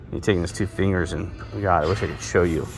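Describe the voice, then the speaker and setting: Man, middle-aged, very low voice, rambling vlog storytelling, lots of fillers and restarts, faint background music. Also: fairly even intonation, quick pace. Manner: meandering, repeats himself, many fillers and restarts. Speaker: vlogger.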